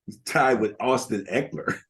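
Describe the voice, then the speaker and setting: Rambling through football stats with many fillers, an older man co-hosts a casual podcast. He speaks a bit slowly, and his medium-pitched voice has a husky quality.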